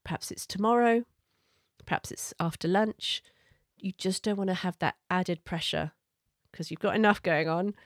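A middle-aged woman coach giving parenting advice in an earnest, gentle, conversational way. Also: fairly low pitch, moderate pace, no room sound, studio quality.

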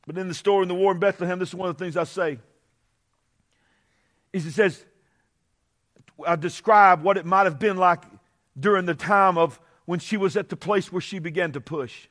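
High-voiced preaching man, shouting peaks. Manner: swings from conversational asides to shouted, drawn-out preaching. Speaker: pastor. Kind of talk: Pentecostal-style preaching. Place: church sanctuary.

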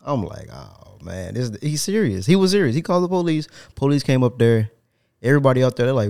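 A man hosting a casual podcast, telling an animated, profane story with laughter. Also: medium pitch, fairly quick, gravelly. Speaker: podcast host.

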